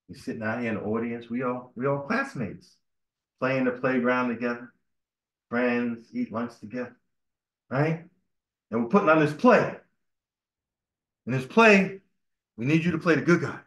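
A man giving an informal sermon at a temple meeting, telling personal stories in a conversational way, often repeating words and asking his listeners "right?". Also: mid-range voice. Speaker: speaker at a religious temple meeting. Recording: echoey room.

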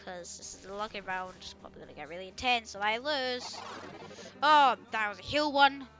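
Excitable high-voiced woman gaming, screaming often. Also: moderate pace, soft background music. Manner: chatty, talks to self and other players. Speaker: video game player. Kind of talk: casual gameplay commentary.

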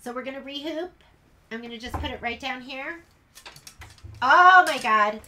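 A woman's voice: sits high, fairly quick, fairly bright tone, a little hiss or hum. A woman teaching a casual sew-along in her sewing room, chatty and rambling as she works. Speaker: sewing instructor.

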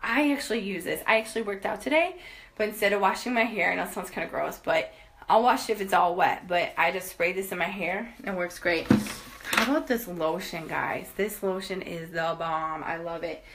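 A woman's voice: fairly low pitch, brisk, background noise. Upbeat woman chatting on a house tour. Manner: upbeat, chatty, says "okay?" and "guys" often. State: out of breath. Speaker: vlogger giving a house tour. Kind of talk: casual product tour talking to camera. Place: inside a house, walking from room to room.

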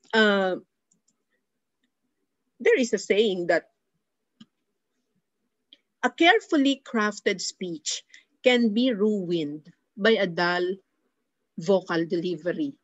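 A woman's voice: mid-range voice, no room sound. A woman teacher with a Filipino accent gives an online lecture, defining terms one by one and often saying "okay" and "uh". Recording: dull lo-fi recording.

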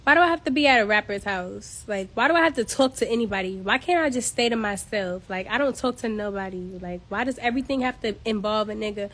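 A woman's voice: medium pitch, quick pace, hardly any pauses, fairly bright tone. A woman from Queens, ranting bluntly and with exasperation on a casual phone livestream from home. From Queens, New York. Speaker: social media personality.

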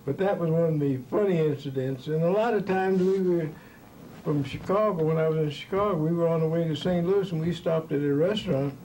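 A man's voice: fairly high pitch, fairly quick, warm tone, slight background noise, low-quality recording. An older man, a former ballplayer, telling stories from his career in a folksy, rambling way, chuckling as he goes. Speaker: former baseball player. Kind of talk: storytelling in an interview.

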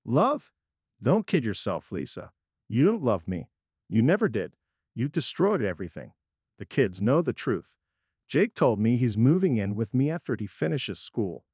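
A cold, bitter husband turned hard and unforgiving, as a male storyteller reads him. His husky voice sits at a middle pitch but swings widely as he cuts in. The sound is close and dry. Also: big pitch swings, moderate pace, a little mellow, no echo. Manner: cold and cutting.

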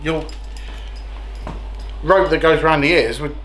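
A woman's voice: low voice, unhurried, a little hiss or hum. A woman chatting casually with short, matter-of-fact replies. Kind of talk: casual chat. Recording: roomy echo.

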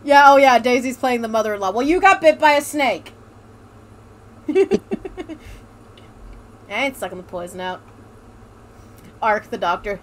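High-pitched playful woman gaming. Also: lively intonation, unhurried, long pauses, a little hiss or hum. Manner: playful, swears freely, laughs often. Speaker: let's play host. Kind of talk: casual gaming commentary.

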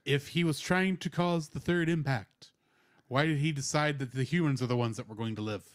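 A man's voice: medium pitch, a little fast. A man co-hosting a podcast, asking questions and reasoning aloud through a plot point. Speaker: podcast co-host. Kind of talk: casual podcast discussion.

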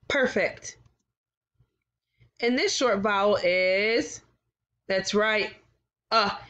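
A woman leads a recorded kindergarten phonics lesson at a very unhurried pace. She sounds out each vowel and letter plainly and keeps encouraging the children along. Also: mid-range voice, a bit bright. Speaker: kindergarten teacher.

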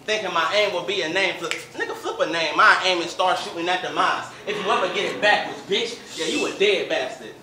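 A man's voice: sits high, brisk, hardly any pauses, a crowd in the background. A man performing a battle rap with an aggressive, boastful delivery. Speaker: battle rapper. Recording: roomy echo, distant mic, faint noise.

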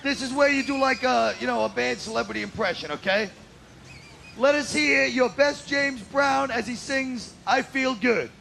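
A man hosting a game show outdoors, shouting wisecracks and teasing the contestants. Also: very high-pitched, normal speed, creaky, slight background noise. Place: outdoors at a spring break beach event. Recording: loud crowd and music at outdoor taping. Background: loud cheering crowd and music.

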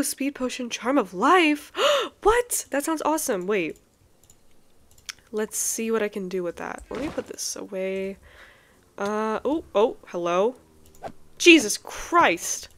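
An excitable young woman talks through a video game, often gasping and exclaiming. Her voice sits a little high and swings widely in pitch. She sounds close to a desk mic. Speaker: let's play host. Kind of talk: casual gameplay commentary.

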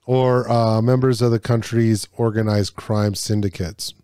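A man's voice: lowish voice, steady tone, measured pace, dark tone, clean tone, no echo, clean studio sound. A man hosting a casual podcast, reading trivia questions aloud in a loose, joking way with stumbles and swearing.

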